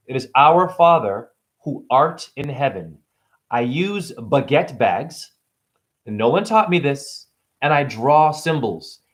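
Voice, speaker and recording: A middle-aged man vlogging in a casual, ranting monologue, jumping between loud outbursts and quiet asides. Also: fairly high pitch. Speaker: vlogger and spiritual teacher.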